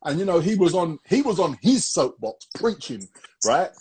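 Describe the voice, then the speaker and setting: A man's voice: on the high side, very animated, normal speed, a little mellow, slightly rough. A young man, co-hosting a casual podcast chat, rambling with restarts and calling people "bro". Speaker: podcast co-host.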